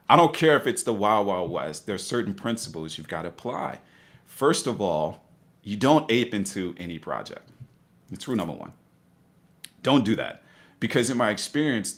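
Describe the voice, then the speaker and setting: Low-pitched guy on a podcast, emphatic, keeps repeating his point. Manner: animated, emphatic, repeats key phrases, bursts of laughter. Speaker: guest investor. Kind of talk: casual podcast conversation.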